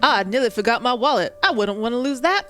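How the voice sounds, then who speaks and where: A pompous male bird lawyer from a comic game, all grand airs and a put-on French accent, as a woman reads him out. The voice sits high and swings widely, with faint music playing behind. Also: expressive, quick pace, a bit bright. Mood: grandiose.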